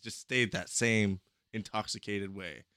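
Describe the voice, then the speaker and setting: A man's voice: on the low side, measured pace, smooth, no room sound, clean studio sound. A young adult man on a podcast, telling a story in casual chat, swearing freely and acting out the people in it. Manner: profane, animated storyteller.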